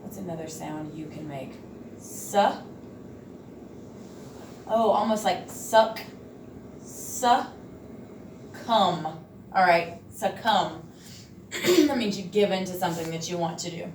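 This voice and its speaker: A woman teacher running a reading lesson, encouraging and sounding words out slowly. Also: fairly low pitch, expressive, a little hiss or hum. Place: classroom. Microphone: far camera. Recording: echoey room from far off.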